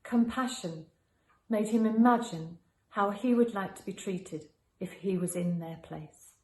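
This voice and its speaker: A woman calmly explaining an idea to primary school children. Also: mid-range voice, unhurried. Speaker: school assembly presenter. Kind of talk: calm explanatory narration. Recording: echoey room.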